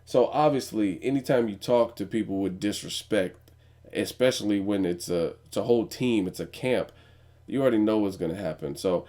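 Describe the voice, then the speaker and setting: Blunt, profane low-voiced man. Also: darkish tone. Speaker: vlogger host. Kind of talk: casual news commentary.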